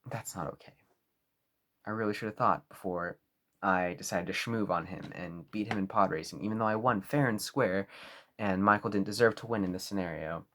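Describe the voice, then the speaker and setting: A young man talking to camera in a mock-serious apology video, over-earnest and halting. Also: fairly low pitch, pushed and bright. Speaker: vlogger.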